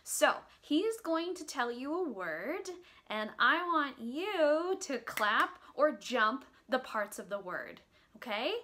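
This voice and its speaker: A woman's voice: high-pitched, big pitch swings, slow pace, sharp tone. A woman teaching young children about syllables, who encourages them, chants words and claps along. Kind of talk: children's lesson.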